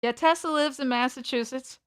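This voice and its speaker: Sitting on the floor at home, an American woman chats on a live stream in a smooth, high voice at normal speed, captured with studio quality and no room sound. Her talk is rambling and playful, full of self-mockery.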